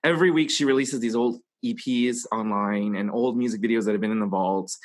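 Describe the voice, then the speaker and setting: A man's voice: medium pitch, a little fast. Chatty man gushing about pop music. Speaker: podcast co-host. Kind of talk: casual chat.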